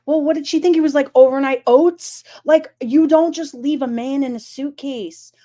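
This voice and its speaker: A woman chatting casually on a live stream, animated and incredulous, often exclaiming. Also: sits high, moderate pace. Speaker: streamer talking true crime.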